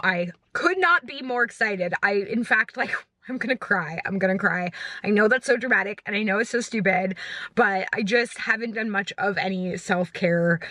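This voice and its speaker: Sitting in a parked car, a woman in her thirties talks to her phone camera for a vlog in a chatty, self-mocking way, rambling and using fillers. She has a bright, forceful mid-range voice, and there's no echo.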